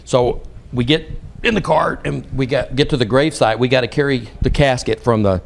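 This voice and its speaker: A man's voice: medium pitch, brisk, vocal fry. An older man, telling rambling, funny anecdotes as a podcast guest. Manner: rambling, laughing anecdotes with quoted voices. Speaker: guest storyteller. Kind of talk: casual storytelling.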